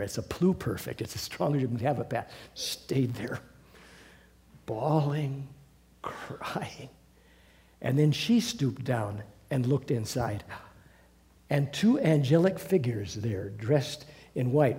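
Man, Bible class teacher, mellow warm tone, lively storytelling, chuckles and asides, small group in a meeting room. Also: medium pitch, normal speed. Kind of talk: teaching a Bible class, reading and retelling scripture.

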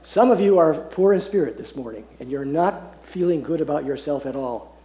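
A man's voice: on the high side, animated, dark tone. Earnest man teaching scripture in echoey room. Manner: earnest, laughs often, slows to read verses aloud. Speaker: Bible teacher.

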